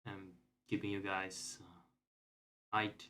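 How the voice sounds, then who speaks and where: A man streaming a video game, chatting casually in a rambling, joking way, with swearing, often trailing off softly. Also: low-pitched, flat delivery, slow, long pauses. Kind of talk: casual gameplay commentary.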